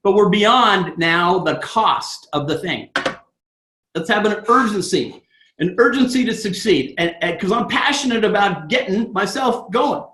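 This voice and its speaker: High-voiced guy giving a pumped-up motivational talk, echoey room. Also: unhurried. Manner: animated, fired-up storytelling. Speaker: network marketing trainer.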